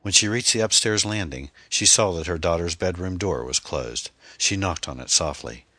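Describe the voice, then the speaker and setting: A man reading a novel aloud as an audiobook narrator in a steady, even-paced way. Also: deep voice, normal speed, no room sound, studio quality.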